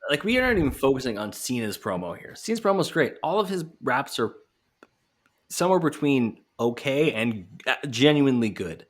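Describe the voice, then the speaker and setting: A man's voice: mid-range voice, big pitch swings, a little fast. A man co-hosting a casual podcast, joking and swearing as he talks about wrestling matches. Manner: joking, swearing, quotes wrestlers in put-on voices. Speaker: podcast co-host.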